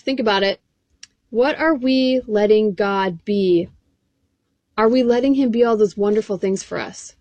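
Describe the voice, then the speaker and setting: Bright-voiced woman preaching a sermon. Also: on the high side, dry recording. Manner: earnest, encouraging, reads verses aloud. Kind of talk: sermon with scripture reading.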